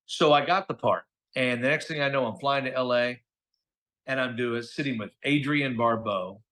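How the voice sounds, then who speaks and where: Middle-aged man, podcast guest, animated storyteller, acts out quoted voices, medium pitch. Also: moderate pace. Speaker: guest voice actor. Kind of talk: casual storytelling interview. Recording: podcast audio.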